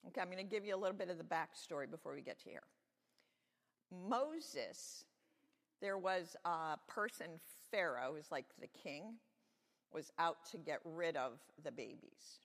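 A woman giving a children's sermon, talking gently and plainly to kids. Her voice sits a little low with a gravelly fry. It echoes through a large church sanctuary. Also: a little fast. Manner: friendly, explaining simply to children.

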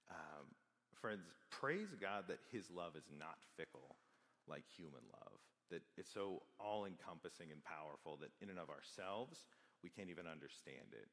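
A man's voice: rumbling low, expressive, moderate pace, vocal fry, a bit bright, in a large hall. A young adult man giving a sermon as a guest preacher, in an earnest, conversational storytelling manner.

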